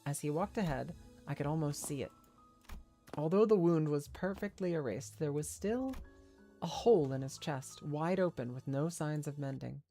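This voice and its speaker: Low-voiced woman reading a game story. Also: normal speed, faint music behind. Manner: steady, even storybook narration. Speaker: let's-play reader.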